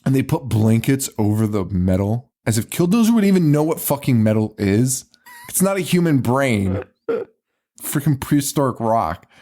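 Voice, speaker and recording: With a medium-pitched, dark, sing-song voice at a moderate pace, a male podcast co-host casually recaps a movie. He's full of laughter and swearing, retelling scenes through mock quotes.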